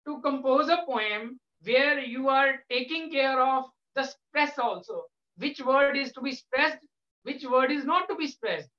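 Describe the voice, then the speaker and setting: A male English lecturer with an Indian English accent, patiently explaining to a class with frequent pauses. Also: very high voice, bright, forceful tone. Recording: echoey room, dull lo-fi sound.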